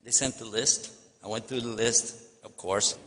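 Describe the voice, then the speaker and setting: A man's voice: medium pitch, steady tone, normal speed, a bit bright, slight background noise. An older man with a Texan accent giving a public lecture as a preacher, telling stories in a folksy way and acting out phone calls. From Texas, United States. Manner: folksy storytelling, acts out phone dialogue. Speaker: Islamic preacher. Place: large convention hall. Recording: long hall reverb.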